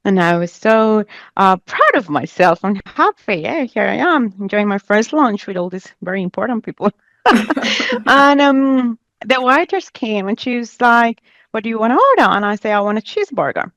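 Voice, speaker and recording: A woman, not a native English speaker, telling a funny story in a casual podcast chat, animated and laughing often as she acts out what people said. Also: a little high, moderate pace, dry recording. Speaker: podcast guest.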